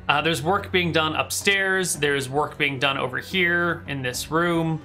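A man serves as game master for a tabletop role-playing game, describing rooms and sounds in a relaxed, rambling way full of fillers. His voice is bright and slightly high, and faint music sits underneath. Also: a little slow, vocal fry. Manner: casual, describing scenes with many fillers.

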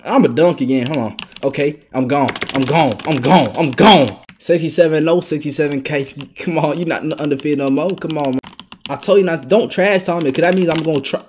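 Young man, gameplay commentary, brash trash talk, animated up-and-down delivery, light background noise. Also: fairly high pitch. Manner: trash-talking, brash, bursts into excited yelling. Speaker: gaming YouTuber.

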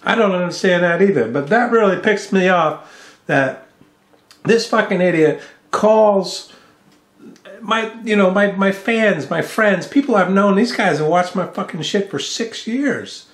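A man's high, animated, fairly bright voice comes at a measured pace through reverberant acoustics. The American vlogger angrily curses and mocks someone in a profane home vlog, talking into a studio mic and mixing board.

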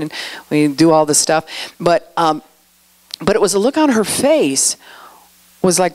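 A woman's voice: fairly low pitch, a little fast. A middle-aged woman giving a conversational sermon, telling stories and acting out quoted lines. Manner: storytelling, acts out quotes with animated voices. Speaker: speaker at a church outreach.

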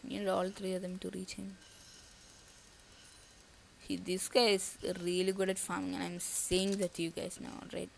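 A woman's voice: fairly low pitch, completely flat delivery, normal speed, gravelly, long pauses, slight background noise. A woman giving casual live commentary on her own gameplay. She thinks aloud and breaks into nervous outbursts. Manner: casual slangy talk to viewers. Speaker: gaming YouTuber.

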